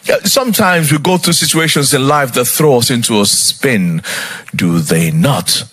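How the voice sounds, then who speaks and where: Husky, animated male preacher. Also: mid-range voice, moderate pace. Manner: rhetorical questions to the congregation; storytelling, retells scripture dramatically. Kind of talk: sermon.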